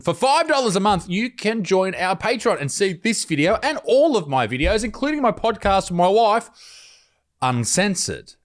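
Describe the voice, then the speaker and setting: A man reacting to clips with blunt sarcasm. His pitch swings widely as he talks, and he sounds animated and quick to mock. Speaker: commentary host. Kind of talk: reaction commentary.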